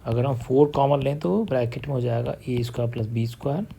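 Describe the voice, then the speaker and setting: A man's voice: medium pitch, rapid-fire, vocal fry, breathy edge. A man teaching a math lesson, talking through each step of a problem aloud. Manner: steady step-by-step explaining, working problems aloud. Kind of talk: online math lesson, mixing English and Hindi.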